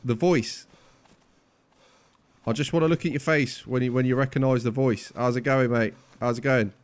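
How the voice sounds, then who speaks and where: A man's voice: medium pitch, steady tone, normal speed, smooth. A cheeky young man, pestering strangers in game voice chat and playing mock-offended when they don't recognise him. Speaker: gaming YouTuber.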